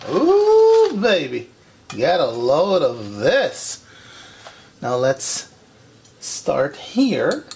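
A man hosts his own home cooking vlog from his kitchen, talking to camera in a very slow, gravelly, mid-range voice that is very animated, with long pauses and slight background noise. Flamboyant and sassy, he calls viewers "honey" and "baby" and breaks into frank, ranty asides.

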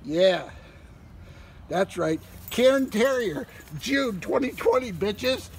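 A man voicing an excitable, crude male dog who rambles and gets distracted by smells on a walk, recorded outdoors from a distance with loud background noise. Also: high-pitched, slow pace, gravelly, full character voice. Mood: giddy. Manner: giddy, rambling, distractible sniffing talk.

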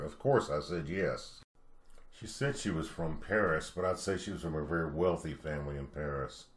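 A man in his seventies from the Southeastern United States, reflectively narrating a personal memoir in an unhurried storytelling way. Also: low voice.

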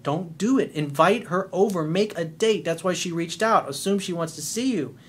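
A middle-aged man coaching on dating, reading a listener's email and answering with playful, teasing remarks. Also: fairly bright tone. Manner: playful, teasing, switches to a low crooning voice.

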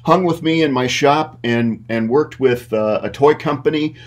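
A man's voice: mid-range voice, normal speed. A middle-aged man with a mid-range voice, chatting casually as an interview guest. He talks in loose, rambling runs and leans on fillers as he goes. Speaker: guest, puppet maker.

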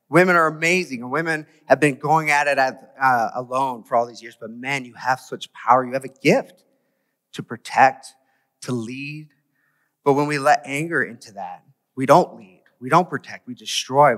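A man preaches in a loose, conversational way, tossing rhetorical questions at his listeners. His voice sits at an ordinary middle pitch. The sound carries the long reverb of a large church hall. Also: fairly bright tone. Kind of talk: sermon. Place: church sanctuary.

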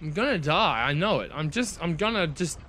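A young man commentating his own gameplay, excitable, swearing and yelping at what happens on screen. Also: a little high, fairly quick, slight background noise. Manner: excitable, swears and yelps at the game. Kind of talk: let's play commentary.

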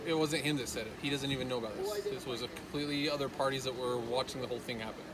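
A police officer, a man of middle pitch, questions a witness quickly and firmly on a residential street. He keeps steering the talk with short okays. The phone-camera audio is busy with other voices all around. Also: steady tone, a crowd in the background. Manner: firm, brisk, repeatedly saying okay to steer the talk. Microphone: handheld phone camera nearby. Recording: noisy outdoor scene with voices around.

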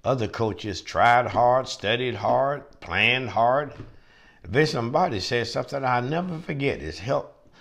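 A male preacher delivering a sermon with a lively, swooping pitch. He hammers points home through repetition and emphatic rising peaks. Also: measured pace, creaky.

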